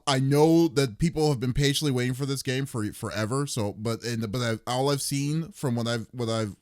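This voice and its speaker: Easygoing podcast co-host, dry close mic. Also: male voice, mid-range voice, no echo. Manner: teasing, halting restarts. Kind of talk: casual chat.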